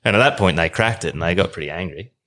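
Australian man, low pitch, podcast guest spinning a yarn, casual and lively. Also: quick pace. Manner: animated, colloquial, swears freely. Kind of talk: casual storytelling.

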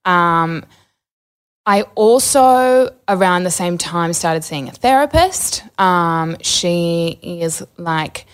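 A woman's voice: on the low side, expressive, slow pace, smooth. A young adult woman, a podcast guest, talking candidly in a rambling, chatty way full of fillers. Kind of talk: casual candid interview.

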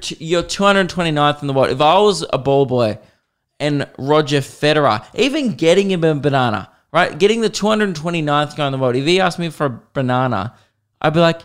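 A man's voice: on the high side, fairly quick, clear, resonant tone. A man with an Australian accent, a comedian hosting his own podcast, rambling through jokey stories and swearing freely. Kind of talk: casual solo podcast monologue.

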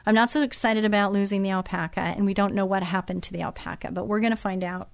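A woman's voice: medium pitch, steady tone, quick pace, gravelly, no echo. A middle-aged woman hosting a radio show, chatting in a motherly way with many fillers and restarts. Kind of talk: casual chat.

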